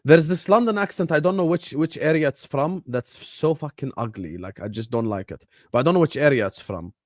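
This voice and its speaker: A young man hosting a football watchalong stream, chatting casually in a rambling, joking way with slang and swearing, sometimes mumbling low in mock sadness and sometimes shouting at the match. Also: animated, fairly quick, no echo, clean studio sound. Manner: drops to low mock-sad mumbles, then loud bursts at match action. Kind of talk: casual live-stream chat.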